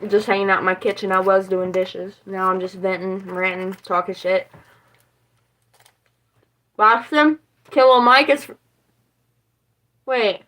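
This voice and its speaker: A woman's voice: medium pitch, steady tone, measured pace, long pauses, fairly bright tone, poor audio. A young woman with a West Virginian accent, chatting casually and rambling on a livestream from her home kitchen, swearing freely as she talks to viewers.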